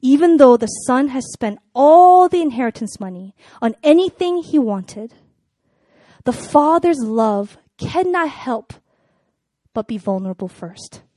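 A young woman with a high, bright-sounding voice talks to a room full of people in a relaxed, sermon-like way. She is chatty and animated, with lots of filler words. The sound is close and dry, with hardly any room echo. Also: a little slow. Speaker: speaker at a church gathering. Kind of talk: casual sermon talk. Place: room with a live audience.

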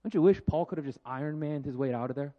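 A man preaching a sermon with jokes, moving between lively storytelling and hushed, slow reflection. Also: a little high. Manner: animated and joking, then hushed and reflective. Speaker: pastor. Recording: dull lo-fi sound.

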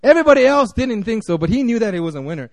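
A man's voice: sits high, sing-song, very fast, dry recording. A man giving a casual, conversational sermon, full of fillers and restarts as he talks. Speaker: guest preacher.

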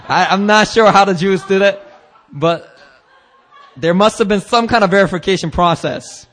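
A male pastor preaching a casual, animated sermon, acting out Bible characters in changing voices and using slang. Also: a little high, brisk.

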